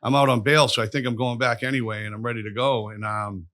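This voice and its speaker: A man's voice: mid-range voice, little pitch movement, quick pace, a bit bright, no room sound, studio quality. A middle-aged man, a podcast guest telling stories in a blunt, profane, rambling way. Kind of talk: casual storytelling conversation.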